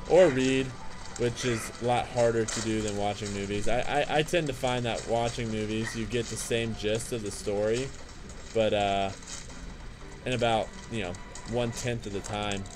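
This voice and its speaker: A young man hosting a let's play, commenting on his game with excitable trash talk, jokey asides and sing-song chanting. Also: fairly low pitch, moderate pace, over music. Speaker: gaming channel host.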